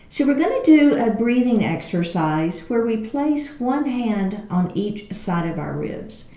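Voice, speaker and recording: A woman with a Texan accent teaching a chair yoga class, giving calm step-by-step cues and often checking in with her students. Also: a little high, unhurried, few pauses, roomy sound. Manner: calm, soothing cues with frequent check-ins. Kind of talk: guided yoga class instruction.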